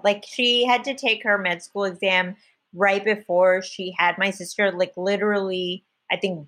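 A woman's voice: medium pitch, fairly bright tone. A woman from the United States with Indian immigrant parents, a comedian guest in casual podcast chat, laughing often and hedging her remarks. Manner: chatty, laughs often, self-qualifying asides.

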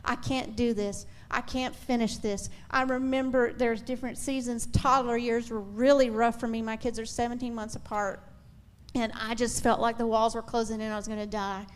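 A woman's voice: fairly high pitch, level tone, moderate pace, clean tone. A middle-aged woman on a faith-based talk show, speaking earnestly and encouragingly to mothers, with frequent small restarts.

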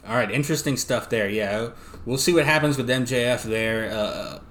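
A man's voice: medium pitch, normal speed, fairly bright tone, slight background noise. A man co-hosting a wrestling podcast from his apartment, talking in an easygoing, hesitant way with lots of fillers. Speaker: podcast co-host. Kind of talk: casual wrestling chat.

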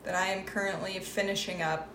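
A woman co-hosting a podcast in casual chat, animated and loose, swearing casually. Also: medium pitch, brisk. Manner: animated, swears casually, mimics voices when retelling. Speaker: podcast co-host. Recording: echoey room with faint noise.

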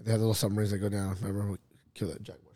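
A man hosting a podcast, chatting casually with friends, animated and swearing, laughing at his own jokes. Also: fairly low pitch, racing, dry recording. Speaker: podcast host. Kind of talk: casual chat.

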